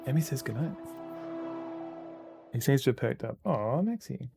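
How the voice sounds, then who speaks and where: Male streamer, casual rambling game chat, creaky voice, mid pitch. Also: normal speed, warm tone, faint music behind. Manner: chatty, rambling, answers chat. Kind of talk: casual gameplay commentary.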